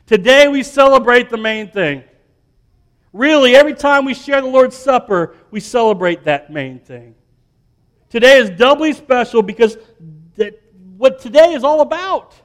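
A man's voice: extremely high pitch, animated, normal speed. A man in his thirties, a pastor, preaching an emphatic sermon and repeating words as he builds up.

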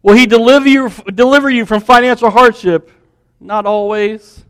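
A male preacher delivering a sermon with a fairly high voice. He stacks questions one after another and swings between energetic storytelling and soft, hushed lines. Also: normal speed, smooth.

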